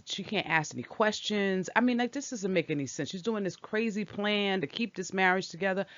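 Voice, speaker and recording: A woman's voice: fairly low pitch, no room sound. A woman casually recapping a soap opera episode, talking back at the characters with strong opinions. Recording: dull lo-fi dry recording.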